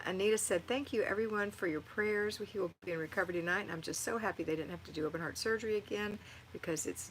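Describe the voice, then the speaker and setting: Middle-aged lady doing a live chat, lowish voice, reading comments and cheering people on, bit of background hiss. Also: fairly bright tone, poor audio. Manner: encouraging, motherly, reads comments aloud. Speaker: livestream host answering viewer chat. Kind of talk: live-stream chat and home advice.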